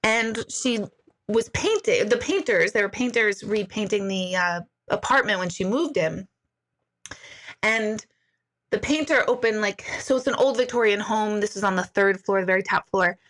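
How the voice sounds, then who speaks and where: A woman who works as a medium tells a story casually to viewers. She talks in an animated way, laughs often and fills her talk with "like" and "right?". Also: medium pitch, normal speed.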